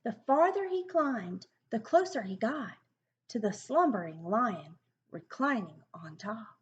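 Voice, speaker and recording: Slow, lively woman reading a picture book. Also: fairly high pitch, muffled recording, slight background noise. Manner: slow, sing-song rhyming delivery with chatty asides. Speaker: storybook reader.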